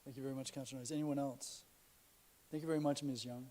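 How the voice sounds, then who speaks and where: A man mayor chairing a council meeting in a brisk, matter-of-fact way. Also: medium pitch, steady tone, dark tone.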